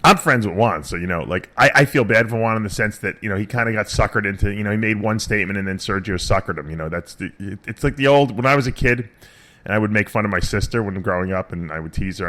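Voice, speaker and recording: Lower-voiced profane radio host. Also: male voice, fast, fairly bright tone. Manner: profane, rambling storyteller. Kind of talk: casual radio chat.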